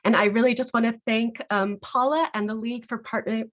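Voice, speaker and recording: A woman's voice: a little high, fairly even intonation, brisk. A woman, a library director, giving informal welcome remarks with a few fillers. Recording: dull lo-fi audio.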